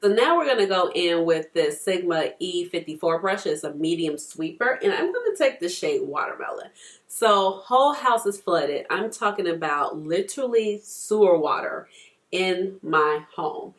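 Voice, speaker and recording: Beauty vlogger, thirties, female, slightly low voice, talks in loose rambling stories while applying makeup. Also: lively intonation, moderate pace. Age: 30s. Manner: chatty, rambling storyteller. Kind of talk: casual chat while doing makeup.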